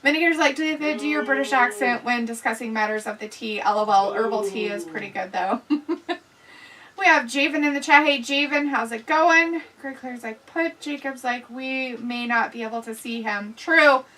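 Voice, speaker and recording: A woman's voice: on the high side, normal speed, pushed and bright, recorded from a distance, low-quality recording. A woman hosting a casual live watch-along, chatting, laughing and reading viewer comments aloud. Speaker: livestream host reading chat.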